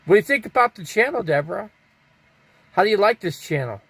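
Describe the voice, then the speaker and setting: A man's voice: high-pitched, sing-song, fast, a bit bright, breathy edge, dry recording. An older man from Arizona hosting a live stream, rambling casually and answering viewers' chat comments aloud. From Scottsdale, Arizona.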